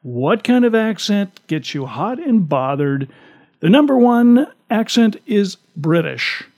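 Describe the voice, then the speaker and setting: A man's voice: sits high, sing-song, slow, a little mellow. A man co-hosting a talk show, chatting casually and reading out survey figures with an amused tone. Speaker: radio talk show co-host.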